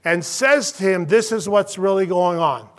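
A man who is a pastor, preaching a sermon with earnest storytelling that drops to a hush in tender moments. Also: high voice, normal speed.

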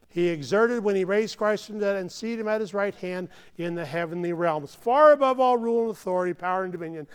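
Emphatic pastor preaching in a reverberant hall. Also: male voice, high voice, smooth. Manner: earnest, emphatic, with frequent "okay" asides. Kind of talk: sermon.

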